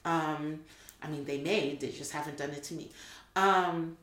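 A woman's voice: deep voice, steady tone, a little slow, a bit bright. Chatty American woman in an echoey room. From United States. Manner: chatty, many ums, laughs often. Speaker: guest. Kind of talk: casual conversation.

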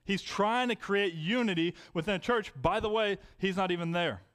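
A man's voice: high-pitched, normal speed, fairly bright tone. A young adult man preaching a sermon, conversational and telling personal stories. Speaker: pastor.

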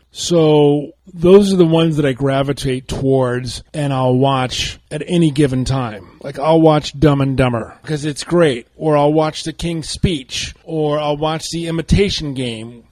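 Excitable man hosting a movie talk show. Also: a little high, dry recording. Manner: enthusiastic, chatty, laughs easily. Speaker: radio show host and film reviewer. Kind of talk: casual radio talk.

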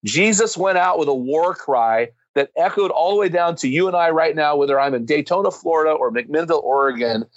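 A man with a fairly high voice speaks like a preacher, driving his points home with emphatic, rising intensity. The sound is dry and close, with no room around it. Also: fairly quick, hardly any pauses, dry recording, highs cut off. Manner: emphatic, builds to fervent climaxes. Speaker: guest speaker on men's ministry. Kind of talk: impassioned preaching-style storytelling.

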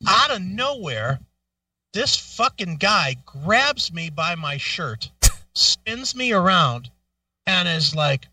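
A middle-aged man co-hosting a radio talk show, telling a profane story in a casual, animated way and acting out the quotes. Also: high voice, takes it slowly, no echo, distant mic.

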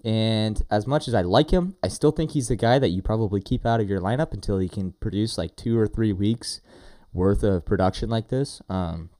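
A man co-hosting a fantasy football podcast in casual, animated chat with friendly slang. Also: on the low side, moderate pace, dry recording, clean studio sound.

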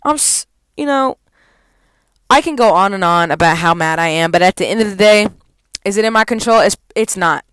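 A woman's voice: medium pitch, lively intonation, moderate pace, fairly bright tone, clean tone. A young adult woman, a college student, venting in a heavily profane, heated vlog rant.

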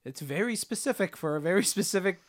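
A man's voice: high-pitched, lively intonation, quick pace. A young man on a podcast, talking in a hesitant, musing way with frequent laughs. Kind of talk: casual chat.

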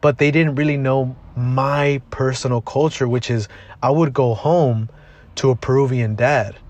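A man's voice: medium pitch, steady tone, unhurried, a little mellow. Blunt, profane young man. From Southeast Los Angeles. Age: 20s. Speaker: podcast host. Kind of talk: casual motivational monologue.

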